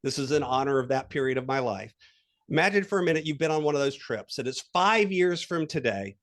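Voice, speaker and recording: A man who is a guest coach on a podcast interview. He walks the listener through an exercise with animated storytelling and quoted voices. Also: medium pitch, fairly quick.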